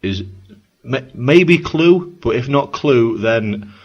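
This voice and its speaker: A man co-hosting a casual chat over a video call, sweary and excitable, often repeating himself. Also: medium pitch, slow pace, lo-fi sound. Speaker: podcast co-host.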